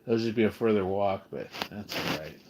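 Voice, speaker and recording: A California man livestreams casual chat at a moderate pace in a fairly low voice, against a noisy background. Shaky from low blood sugar, he rambles and swears, often trailing off and restarting.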